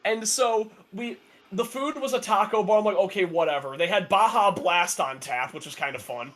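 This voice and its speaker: A man's voice: high voice, moderate pace, fairly bright tone, faint music behind. A young man chatting casually on a podcast, telling a long story with many fillers and restarts, sarcastic and laughing often. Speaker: podcast co-host. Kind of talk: casual chat.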